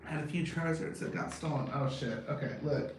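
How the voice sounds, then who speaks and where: A man's voice: a little high, fast. A man in his thirties chatting casually as a vlogger, blunt and profane, rambling and laughing often. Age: 30s. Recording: very echoey, distant from the mic, faint background noise.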